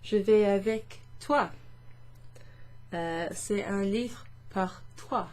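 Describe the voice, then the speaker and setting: A woman teaching French grammar in a patient, chatty way, reading French phrases slowly and explaining them. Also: medium pitch, a little mellow. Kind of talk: casual explanatory lesson.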